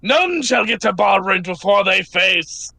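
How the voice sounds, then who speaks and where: A woman playing a slow, gloating villain sorceress. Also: mid-range voice, expressive, creaky, sharp tone, no room sound, full character voice.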